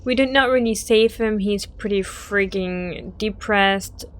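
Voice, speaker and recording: A woman's voice: medium pitch, slow pace. Chatty woman narrating gameplay. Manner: emotional, chatty guide. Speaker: game walkthrough host. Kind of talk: gameplay commentary.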